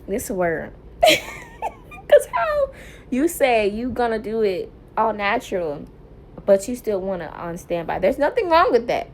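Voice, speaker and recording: A young woman vlogger telling a personal story casually to camera, animated and laughing often, quoting herself loudly. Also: a little high, a little slow, a little hiss or hum. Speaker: mom vlogger.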